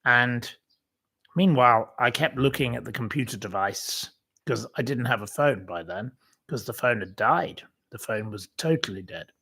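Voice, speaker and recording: A man's voice: mid-range voice, animated, moderate pace, vocal fry, pushed and bright, breathy edge. Man rambling through a casual anecdote. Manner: rambling anecdotal storytelling with many fillers. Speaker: channel host. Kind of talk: casual livestream chat.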